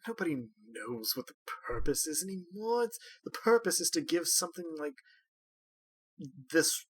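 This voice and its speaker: A man's voice: fairly high pitch, sing-song, moderate pace, husky, voice pushed up. A man voicing a haughty, petulant young nobleman who talks in a snooty, sneering way. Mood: weary.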